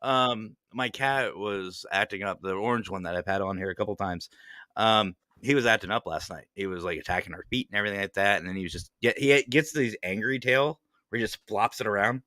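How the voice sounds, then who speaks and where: A man hosting a podcast in casual chat, joking and swearing freely as he tells animated stories. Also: on the low side, brisk, no room sound. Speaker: podcast host.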